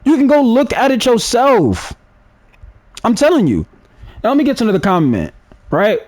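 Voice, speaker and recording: A man's voice: very high voice, huge pitch swings, moderate pace, darkish tone, dry recording. A man ranting in casual commentary to his viewers, heated and slangy, restarting his sentences often. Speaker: gaming commentary streamer.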